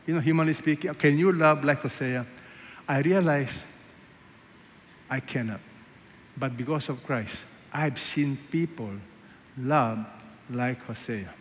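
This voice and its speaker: Pastor preaching in an echoey hall. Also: male voice, medium pitch, a little slow, long pauses, slight background noise. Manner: emphatic preaching, rhetorical questions, swings between loud and hushed. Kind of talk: sermon. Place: large church hall. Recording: echoey church hall, faint ambience.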